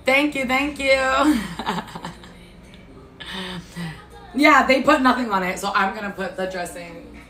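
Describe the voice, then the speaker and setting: A woman's voice: a little high, slow, pauses often, sharp tone. A woman hosting a casual livestream from her kitchen, eating and chatting with viewers in a blunt, profane, laughing way, recorded on a phone. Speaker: livestream host. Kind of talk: casual chat while eating. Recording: echoey room with faint music.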